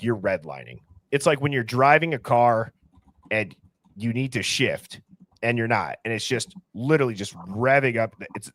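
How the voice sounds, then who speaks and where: A man's voice: medium pitch, fairly bright tone, no room sound. A man hosting a podcast in a casual, conversational way. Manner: conversational, says he plays clips for the audience. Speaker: podcast host.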